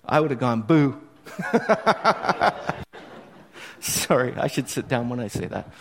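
A man preaching a sermon, retelling scripture in an animated way that swings from hushed to emphatic. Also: medium pitch, measured pace, long reverb tail. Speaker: pastor.

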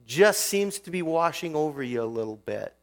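A man's voice: fairly high pitch, animated, normal speed. Conversational male pastor, mains hum. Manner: conversational, asks the listeners questions. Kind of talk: sermon.

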